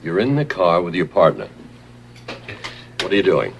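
Calm probing hypnotist. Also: male voice, deep voice, gravelly, a little hiss or hum, full character voice. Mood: coaxing. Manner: measured, guiding questions. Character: male hypnotist guiding a cop's memory, calm and probing.

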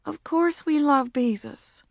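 A woman voicing a patient, loving mother who speaks gently and calmly in a storybook reading. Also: sits high, takes it slowly, gravelly, no echo, clean studio sound, pitched above the performer's own voice, exaggerated voice. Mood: gentle. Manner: gentle and calm. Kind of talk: audiobook character voice.

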